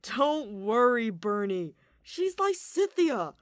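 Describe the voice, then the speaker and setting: Upbeat, booming stage manager man, read by a woman narrator, lively pitch. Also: slow pace, dry recording, clean studio sound. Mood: cheerful. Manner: loud, upbeat. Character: cheerful hearty male stage manager, easygoing.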